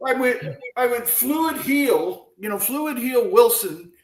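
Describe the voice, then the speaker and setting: A man in his seventies, a former baseball pitcher, telling lively stories as a guest, acting out the voices of people in them and often restarting his sentences. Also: slow, reverberant, low-quality recording. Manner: lively storyteller who acts out quoted voices, with frequent restarts. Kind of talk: animated storytelling in a chat.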